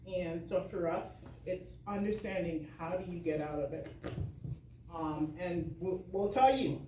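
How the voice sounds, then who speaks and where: A woman's voice: a little high, dark tone. Chatty woman speaking in an echoey hall. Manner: chatty and laughing, with many fillers. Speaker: keynote speaker. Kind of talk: keynote talk to a live audience. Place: large hall with audience. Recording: echoey hall, mic far off, faint noise.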